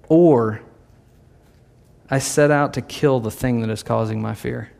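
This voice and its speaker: A man's voice: mid-range voice, normal speed, vocal fry, a little mellow. A man preaching a sermon in a conversational way, sometimes acting out the voices of the people in his story. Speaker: pastor.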